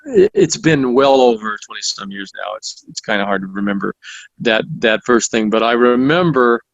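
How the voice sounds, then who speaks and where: Man, interview guest, anecdotal storytelling, average pitch, dry sound. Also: wildly swooping pitch, moderate pace, gravelly, dry recording, dull audio. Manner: storytelling with many restarts and fillers. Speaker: author and guest. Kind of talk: conversational interview.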